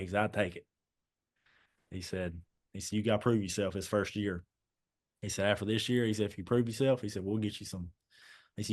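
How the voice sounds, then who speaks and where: A young man, a podcast guest telling a story and acting out the dialogue as he goes. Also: on the low side. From Eastern Kentucky, USA. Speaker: guest, former basketball player.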